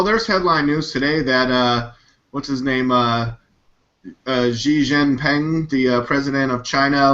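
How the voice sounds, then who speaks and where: Halting, sardonic man on a live stream. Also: mid-range voice, bright, forceful tone. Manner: hesitant, halting, with many "uh"s, sardonic. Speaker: podcast co-host. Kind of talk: casual live-stream panel talk. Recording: muffled lo-fi stream audio.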